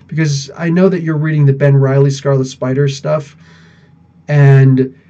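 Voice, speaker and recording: Man, fairly high voice, rambling casual live-stream chat, dull lo-fi sound. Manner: rambling, animated, laughs often. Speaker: podcast host answering live chat.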